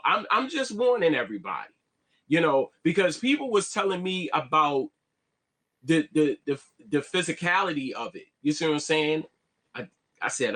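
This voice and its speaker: A man talks straight into his camera in a loose, rambling live-stream monologue. His fairly high voice swings up and down a lot, and he often stumbles and restarts his sentences. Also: normal speed. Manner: animated, repeats "you see what I'm saying", stammers on restarts. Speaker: vlogger.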